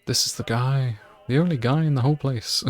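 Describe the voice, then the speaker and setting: A man's voice: medium pitch, normal speed. A man streaming a game playthrough live, chatting in a rambling way with lots of fillers.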